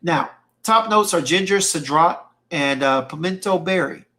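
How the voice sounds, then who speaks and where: Chill slangy guy on a stream reading comments, voice a bit on the high side. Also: a little slow, pushed and bright. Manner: laid-back, slangy, repeats phrases, reads viewer comments aloud. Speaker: fragrance livestream host. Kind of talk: casual livestream chat reading comments. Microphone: streaming mic.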